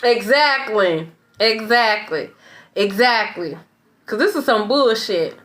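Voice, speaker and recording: Woman tarot reader, casual rant, blunt and profane, high voice that swings all over the place. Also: lively intonation, slow, a bit bright. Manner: blunt, profane, repeats herself. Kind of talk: casual ranting monologue.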